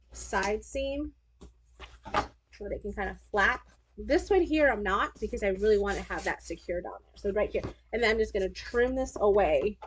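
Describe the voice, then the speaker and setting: A woman's voice: medium pitch, a little hiss or hum. A woman hosting a live sewing stream, chatting casually as she walks through each step. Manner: chatty, talks through her steps as she sews. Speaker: sewing livestream host.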